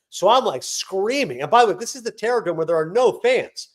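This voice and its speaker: A man who works as a sports broadcaster, telling anecdotes as an interview guest in a casual, animated way. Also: sits high. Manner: rapid, animated anecdotes with acted-out quotes.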